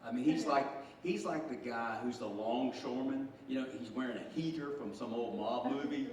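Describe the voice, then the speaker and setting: A man in his sixties with a Southern drawl tells folksy, joking stories to a gathered group. His voice sits at an ordinary pitch for a man. He is picked up from some distance in a very echoey room, with faint noise underneath. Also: moderate pace. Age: 60s. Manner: folksy storyteller, joking, chuckling. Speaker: state official. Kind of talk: speech to a group.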